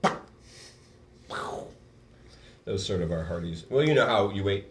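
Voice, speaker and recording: A man's voice: on the low side, expressive, unhurried, echoey room, over a noisy crowd. A man co-hosting a podcast, casually teasing his friend and correcting details. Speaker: podcast co-host. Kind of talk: casual chat.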